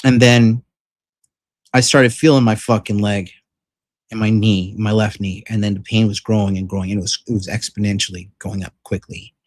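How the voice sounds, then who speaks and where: Male vlogger, low register, rambling and profane, dry close sound. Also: fairly even intonation, normal speed, no echo. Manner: rambling, profane, filler-heavy retelling; frank and emphatic. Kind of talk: casual storytelling vlog.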